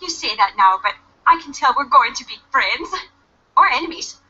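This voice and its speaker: A woman's voice: sits high, animated, moderate pace, pushed and bright, slightly rough, heavily acted. An actress voicing a chatty, overfamiliar young woman in a video game who is pushy and bubbly. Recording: dull lo-fi game audio.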